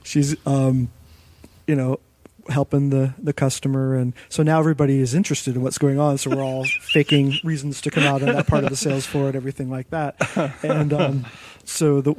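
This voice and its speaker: A man's voice: medium pitch, a little fast, noisy background. A man co-hosting a podcast, telling a funny anecdote in casual chat. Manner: lively anecdote telling with laughs. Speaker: podcast co-host.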